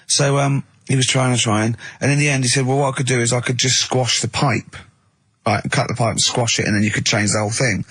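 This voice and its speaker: A man's voice: mid-range voice, fairly even intonation, a little fast, a bit bright, breathy edge, dry recording. A man co-hosting a comic radio show, spinning rambling anecdotes and acting out both sides of each conversation. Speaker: radio co-host. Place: radio studio.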